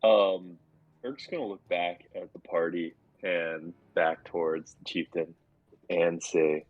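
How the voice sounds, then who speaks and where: A man's voice: deep voice, steady tone, takes it slowly, no echo, soft background music, rough recording. A man playing in a tabletop game, talking hesitantly with many fillers. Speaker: player.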